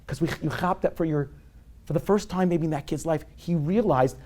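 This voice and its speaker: A man's voice: on the high side, a little fast. A man in his forties, a rabbi giving a lecture on parenting to a live audience, telling stories with humor and sprinkling in Yiddish and Hebrew terms. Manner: warm and self-deprecating, with humor.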